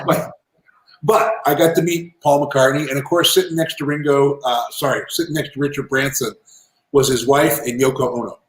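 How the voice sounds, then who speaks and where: Animated storytelling businessman. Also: mid-range voice, moderate pace. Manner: animated anecdotes, lively storyteller. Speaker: guest, entrepreneur and author. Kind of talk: casual storytelling interview. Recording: roomy echo.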